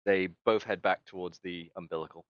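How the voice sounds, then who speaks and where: A man narrating as game master in a tabletop game, casual and quick to laugh and swear. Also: low voice, steady tone, clean tone, dry recording, highs cut off.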